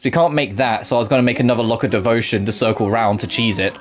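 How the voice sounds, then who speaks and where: A man's voice: medium pitch, quick pace, faint music behind. A man casually commentating a video game as he plays, swearing often and laughing at his own mistakes. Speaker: gaming YouTuber. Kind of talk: let's play commentary.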